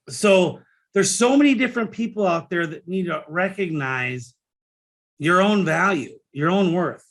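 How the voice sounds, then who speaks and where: The speaker, a middle-aged man and business coach, delivers a casual solo monologue on his own podcast. He rambles emotionally, restarts often, leans on fillers, and swears casually now and then, in a voice that's a little high and a bit bright.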